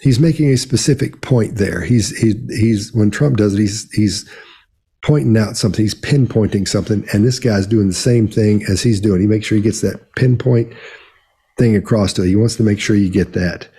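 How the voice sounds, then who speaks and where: A man's voice: fairly low pitch, moderate pace, mellow, slightly rough. A man giving analytical commentary on a video clip as a body language analyst, hesitant and tentative in his delivery. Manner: hesitant, many fillers and restarts, tentative.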